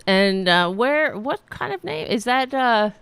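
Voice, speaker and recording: Blunt, slow-talking woman host. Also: on the high side, very animated, vocal fry, fairly bright tone, clean tone, no echo. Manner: blunt, swears freely, rambling with restarts. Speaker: podcast host. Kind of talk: casual opinion talk.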